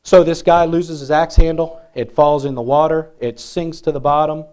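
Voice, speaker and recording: A man preaching a sermon in a lively, conversational way, often asking the congregation questions. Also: a little high, moderate pace, smooth. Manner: animated, conversational, asks the crowd questions.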